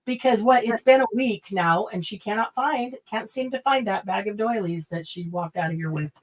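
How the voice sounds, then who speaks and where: A woman's voice: mid-range voice, normal speed. A woman hosting a craft livestream in casual chat, teasing and laughing often. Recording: clear background noise.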